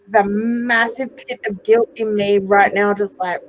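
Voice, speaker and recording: A woman in her forties, a psychic medium guest, telling stories in a dramatic, animated way and swearing freely on a video call. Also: mid-range voice, unhurried, no echo, muffled recording. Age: 40s. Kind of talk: casual video interview chat.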